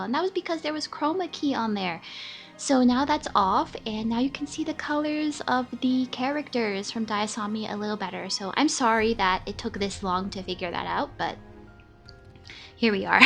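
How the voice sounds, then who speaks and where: A woman's voice: a little high, normal speed, fairly bright tone. A woman giving chatty, giggly, self-deprecating commentary while playing through a video game. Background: game music.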